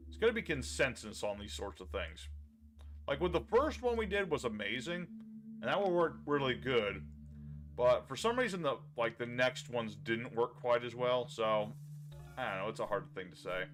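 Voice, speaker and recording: A man streaming himself playing a card game, chatting casually with viewers and thinking his moves through out loud. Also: medium pitch, lively intonation, normal speed. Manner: chatty, thinks aloud and talks to chat.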